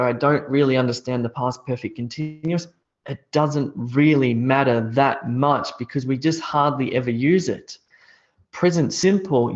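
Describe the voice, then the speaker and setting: A man's voice: medium pitch, dull audio. A man teaching English grammar in a live online class, explaining step by step and reading out students' answers.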